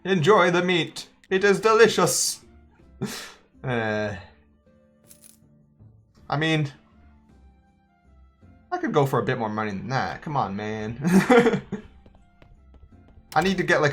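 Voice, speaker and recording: A man's voice: mid-range voice, lively intonation, a little slow, pauses often, slightly rough, soft background music. A man giving joking, chatty let's-play commentary, thinking aloud as he plays. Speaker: gaming YouTuber.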